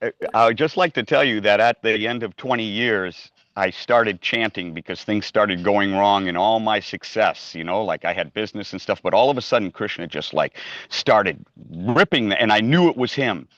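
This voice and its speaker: A man's voice: fairly low pitch, moderate pace, a bit bright, no room sound, dull audio. A man casually sharing a personal story on a video call, rambling with restarts and acting out quoted speech. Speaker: class participant sharing a story.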